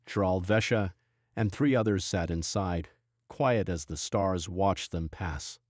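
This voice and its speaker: A man reading a science fiction story in a steady, measured storytelling voice. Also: low-pitched, dry recording, studio quality. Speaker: narrator. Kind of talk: scripted sci-fi narration.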